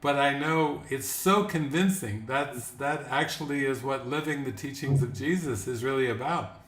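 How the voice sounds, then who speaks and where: A man of middle pitch talks about faith in an earnest, unhurried way, sometimes repeating a word as he goes. The room around him is roomy and echoing. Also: fairly bright tone. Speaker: spiritual teacher hosting a live talk. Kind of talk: casual spiritual conversation. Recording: echoey room.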